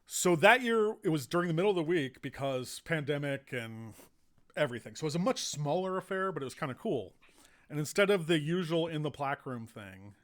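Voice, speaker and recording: American man, podcast host, casual storytelling, rambling, lots of ums. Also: medium pitch. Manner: rambling, relaxed anecdotes with many fillers. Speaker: podcast host and baseball writer.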